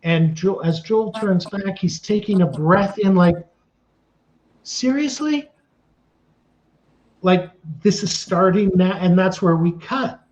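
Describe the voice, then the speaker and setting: A casting director in his sixties, telling animated stories in an interview and acting out the scenes he describes. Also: high voice, measured pace, few pauses. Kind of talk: storytelling in an interview. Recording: dull lo-fi sound.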